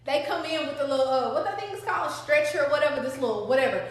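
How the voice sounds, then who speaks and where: A woman's voice: sits high, racing. A woman telling a personal storytime, dramatic and profane, talking straight to her viewers. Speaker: storytime vlogger. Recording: very echoey room.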